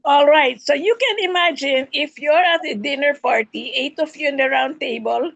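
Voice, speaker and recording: A woman's voice: high voice, normal speed, fairly bright tone, lo-fi sound. A woman leading table topics at a speaking club meeting, teasing and playful with the members. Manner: teasing, acts out silly quoted voices.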